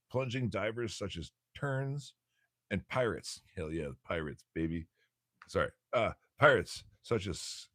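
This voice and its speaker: A man's voice: on the low side, a bit bright, no room sound, clean studio sound. A man hosting a casual livestream, reading aloud from a bird textbook, stumbling over words and cracking jokes as he goes. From United States.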